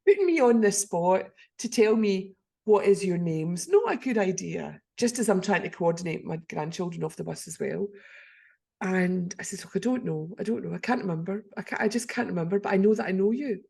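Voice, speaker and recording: An older Scottish woman hosting a podcast, telling a story in an effusive, animated way. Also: medium pitch, normal speed, creaky, breathy edge. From Scotland. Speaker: podcast host. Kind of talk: casual storytelling chat.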